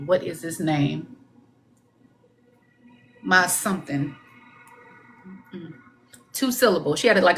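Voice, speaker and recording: A woman working as a psychic medium on a live stream, pausing and searching for words as she relays messages, then jumping up in pitch when quoting. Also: vocal fry. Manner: halting, searching for words, coaxing; relays messages with swoops up into quoted speech. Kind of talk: live-stream spirit reading.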